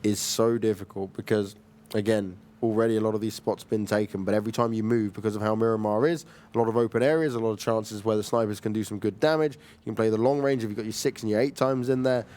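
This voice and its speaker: Lively esports caster man. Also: fairly low pitch, fast talker. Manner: energetic, jokey, voices players' thoughts. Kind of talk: play-by-play commentary.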